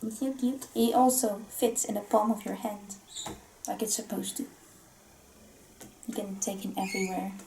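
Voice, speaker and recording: A woman's voice: mid-range voice, fairly even intonation, normal speed, long pauses, mellow, a little hiss or hum. A woman hosting a vlog, chatting casually and giggling often while unboxing collectible toys. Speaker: vlog host.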